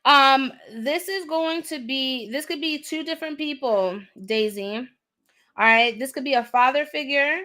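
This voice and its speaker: A woman's voice: high voice, unhurried, pushed and bright. Blunt, scolding woman reading tarot. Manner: blunt, direct, scolding, slangy; repeats herself for emphasis. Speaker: tarot reader. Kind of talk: live-stream tarot reading.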